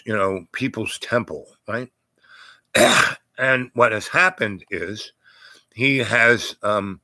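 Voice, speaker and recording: A man's voice: fairly low pitch, bright, forceful tone, no echo. An older man telling a long personal story in a loose, rambling way, full of fillers and asides. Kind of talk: casual spoken storytelling.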